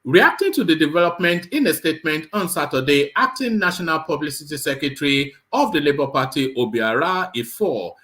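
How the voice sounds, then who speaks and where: A man hosting a live show, reading a news report aloud and breaking off with halting, sarcastic comments full of fillers. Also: a little high, animated, bright, forceful tone. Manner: halting, many fillers and repeated words; sarcastic asides.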